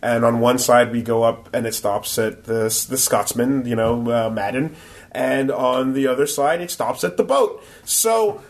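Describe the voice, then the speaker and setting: A man chatting casually on a podcast, telling convention stories with plenty of "like" and "um." He jumps into other people's voices when he quotes them, pitching his voice up for their lines. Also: unhurried. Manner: animated storyteller, acts out quotes in a high voice. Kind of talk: casual chat.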